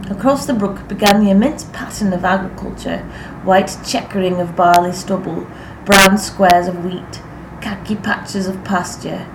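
Woman, audiobook narrator, measured literary reading, roomy echo, faint ambience. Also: mid-range voice, creaky, background noise.

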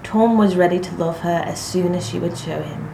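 A woman narrating a literary story aloud in a measured, expressive reading. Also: lowish voice, gravelly. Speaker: audiobook narrator. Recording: echoey room, faint noise.

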